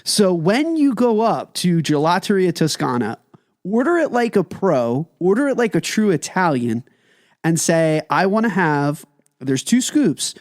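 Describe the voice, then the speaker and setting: A man's voice: high-pitched, sing-song, measured pace, dry recording, clean studio sound. A man co-hosting a food podcast, telling stories with emphatic enthusiasm. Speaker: podcast co-host. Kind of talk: casual food podcast chat.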